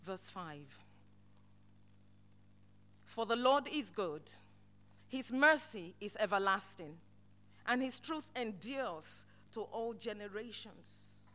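A woman preaching a sermon in church, swinging between loud, impassioned exhortation and soft, hushed lines. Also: medium pitch, animated, slow pace, pauses often.

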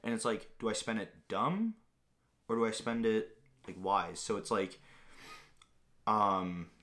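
A man's voice: fairly low pitch, slow pace, fairly bright tone. A young man from Greece chatting casually to viewers, rambling through a story with lots of fillers. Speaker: vlogger answering viewer questions. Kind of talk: casual chat.

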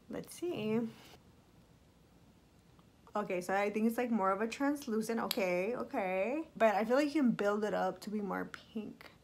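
A young woman vlogger giving a bubbly, playful makeup review, talking straight to her viewers. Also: medium pitch. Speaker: beauty vlogger.

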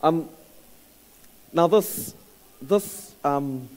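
A man's voice: fairly high pitch, a little mellow, low-quality recording. Casual New Zealand man preaching. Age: 30s. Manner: casual, halting, with fillers and laughs. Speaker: church speaker. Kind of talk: storytelling sermon.

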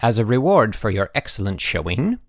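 A man's voice: fairly low pitch, very animated, no room sound, clean studio sound. A man voicing a dignified, formal middle-aged headmaster in an audiobook. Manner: formal, measured, pleased.

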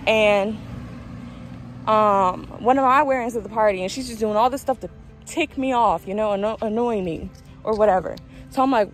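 A woman of twenty-one telling a story in a casual, animated way in a vlog. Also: on the high side, normal speed, soft background music, low-quality recording. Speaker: vlogger.

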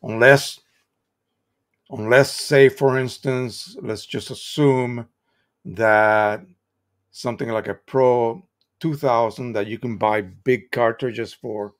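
A man's voice: mid-range voice, fairly even intonation, slow pace. Chatty American man hosting a live tutorial. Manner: chatty, explains with examples, frequent restarts. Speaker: live stream host. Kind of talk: casual live-stream tutorial.

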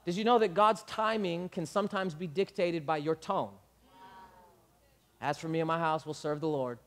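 A man preaching a sermon as pastor, animated, acting out dialogue and building up to shouts. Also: fairly high pitch, normal speed.

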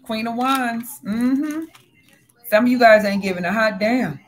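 Woman, tarot reader, casual spiritual reading, blunt, animated, swears a lot, higher voice. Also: unhurried.

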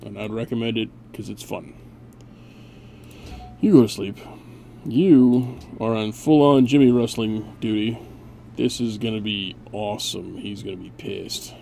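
Gravelly man doing sarcastic game commentary. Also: on the low side, a little mellow, slight background noise. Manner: sarcastic, with mock-grand orders to units. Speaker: gameplay video host. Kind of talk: casual gameplay commentary.

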